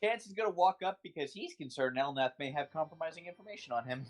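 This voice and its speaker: A man's voice: on the high side, animated, fast talker. A man playing in a tabletop game, rambling with lots of "like" as he explains his character. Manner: rambling, filler-heavy. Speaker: player.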